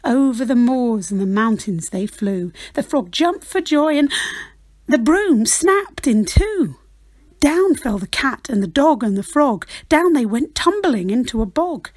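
A woman reading a rhyming children's picture book aloud, with a rhythmic, expressive delivery. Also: fairly high pitch, husky, dry recording. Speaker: storyteller.

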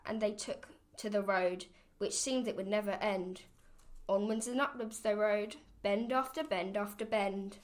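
A woman reading a rhyming children's picture book aloud, with a rhythmic, expressive sing-song delivery. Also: mid-range voice. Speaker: storybook reader.

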